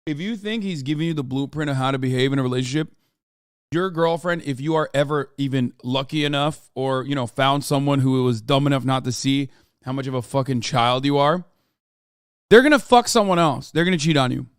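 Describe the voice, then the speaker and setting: A man streaming reaction commentary, sarcastic and profane, now and then bursting into shouts. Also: medium pitch, fairly quick, clean tone, dry recording, clean studio sound.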